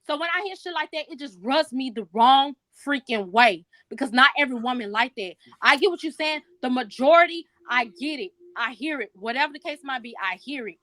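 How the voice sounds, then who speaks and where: A woman's voice: sits high, lively intonation, brisk, hardly any pauses, bright, forceful tone, no echo. A woman co-hosting a podcast, speaking in an earnest, emphatic and heartfelt way in casual debate. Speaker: podcast co-host.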